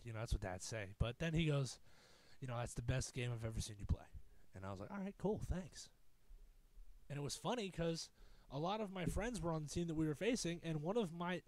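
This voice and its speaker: A man's voice: a little high, no echo. A young man hosting a podcast, telling a long rambling story in a casual, profane, self-mocking way. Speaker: podcast host.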